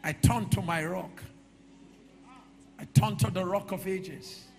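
A man preaching a sermon in a church hall, moving from quiet storytelling to shouted, sing-song declarations. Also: high voice, takes it slowly, creaky. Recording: echoey hall with music behind.

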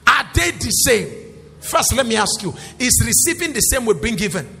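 A male pastor preaching a sermon in call-and-response style, rising to shouts. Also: very high-pitched, sing-song, moderate pace, vocal fry. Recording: echoey hall with faint music.

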